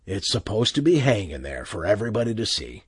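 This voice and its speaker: A man's voice: on the low side, sing-song, fairly quick, husky, full character voice. A man voicing a brusque male police officer in an audiobook, with clipped, terse questions. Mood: curt. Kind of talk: audiobook character voice.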